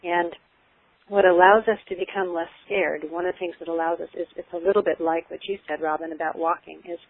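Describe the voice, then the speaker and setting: A woman giving earnest, explanatory parenting advice in casual conversation, often pausing with ums and restarting her sentences. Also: lowish voice, steady tone. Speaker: parenting expert guest. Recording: tinny phone-like line.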